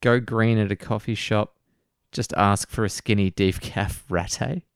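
A man's voice: on the low side, fairly even intonation, a little slow, clean tone, no room sound, clean studio sound. A man co-hosting a podcast in casual chat, hesitant and chatty. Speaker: podcast co-host.

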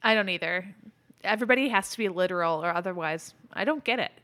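A woman's voice: lowish voice, fast, bright, forceful tone. A woman co-hosting a comedy podcast, recapping a show with dry, playful banter. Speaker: podcast co-host. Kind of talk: comedic episode recap chat.

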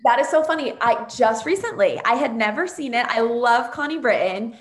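A woman's voice: on the high side, expressive, normal speed. Affirming woman host in an echoey room. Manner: warm, affirming interviewer. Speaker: podcast host. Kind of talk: casual interview chat.

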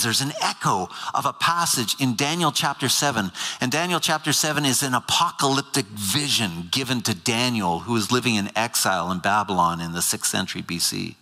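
A man's voice: lowish voice, pushed and bright. A man explaining scripture to a live audience, emphatic and given to repeating and stumbling over words. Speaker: speaker. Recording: long hall reverb.

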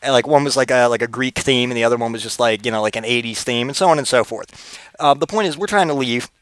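A man's voice: medium pitch, fast talker, a bit bright, no echo. A man hosting his own podcast, telling crude, rambling comedic stories and acting out voiced quotes. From Pennsylvania, US. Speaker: podcast host. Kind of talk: profane comedic storytelling.

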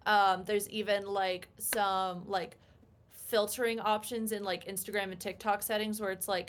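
A woman's voice: medium pitch, fairly even intonation, moderate pace. A young adult woman, a cosplayer guest, answering interview questions casually and filling her speech with "like" and "um". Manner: chatty, peppered with "like" and "um" fillers.

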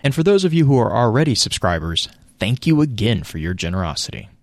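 A man's voice: medium pitch, big pitch swings, fast, dry recording, studio quality. A man hosting a casual online podcast, reading sponsor notes and then chatting loosely with restarts. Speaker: podcast host.

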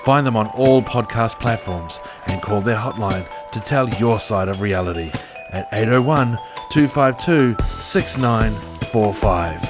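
A man's voice: lowish voice, lively intonation, measured pace. A man reading a podcast promo in a put-on Australian accent. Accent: fake Australian. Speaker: promo announcer. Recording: over background music.

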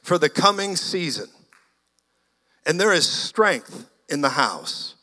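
Guy preaching loud in a church, bright forceful voice, big hall echo, goes quiet then booms. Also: slow pace. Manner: animated, shifts from loud exclamations to hushed storytelling. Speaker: guest preacher. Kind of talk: energetic sermon with storytelling. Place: church sanctuary. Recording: long church hall reverb.

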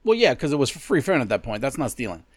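A man's voice: medium pitch, big pitch swings, fast talker, dry recording, clean studio sound. A man co-hosting a podcast who teases and mocks his friend, swearing freely. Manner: teasing, mocking, profane. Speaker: podcast co-host. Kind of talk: casual chat.

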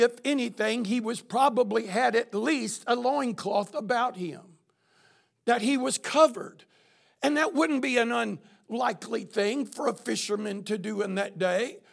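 A man preaching a sermon, often shouting as his intensity rises. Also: very high-pitched, vocal fry. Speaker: pastor.

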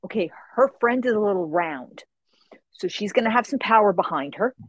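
A woman quoting a gruff male martial arts judge who calls people honey, in her own voice. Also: mid-range voice, animated, moderate pace, no room sound, dull audio. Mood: reassuring.

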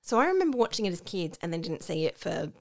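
A woman's voice: lowish voice, very animated, quick pace, creaky. A woman co-hosting a podcast, casually chatting and talking through her opinions at length. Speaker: podcast co-host. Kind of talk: casual chat.

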